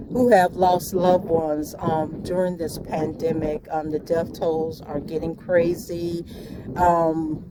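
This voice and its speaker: A middle-aged woman rambling earnestly and prayerfully on a morning walk, talking into a handheld phone with many ums. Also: on the low side. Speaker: vlogger. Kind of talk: rambling walk-and-talk monologue. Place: outdoors on a morning walk by the bay. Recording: outdoor traffic and wind noise.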